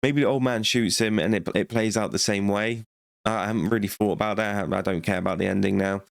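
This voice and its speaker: Male reviewer, low and gravelly, loose rambling delivery with frequent laughs, dry close sound. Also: fairly even intonation, fast, no room sound. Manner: rambling and jokey, laughs often, swears. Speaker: movie reviewer. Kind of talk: casual movie review.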